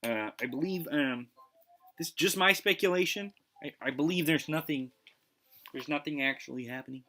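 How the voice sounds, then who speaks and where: A man's voice: fairly high pitch, normal speed, fairly bright tone, voice pushed up. A man imitating a skeptical friend who dismisses things bluntly, hedging as he talks. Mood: dismissive.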